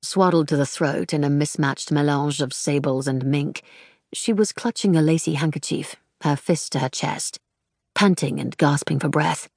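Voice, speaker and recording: Low-voiced woman reading a story. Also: moderate pace, a little mellow, dry recording, clean studio sound. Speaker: audiobook narrator. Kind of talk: scripted narration.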